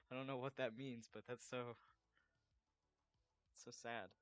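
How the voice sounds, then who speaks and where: A man's voice: medium pitch, level tone, takes it slowly, dry recording. A man chatting casually while he draws commissions, rambling and swearing freely. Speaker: artist drawing commissions. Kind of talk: casual chat while drawing.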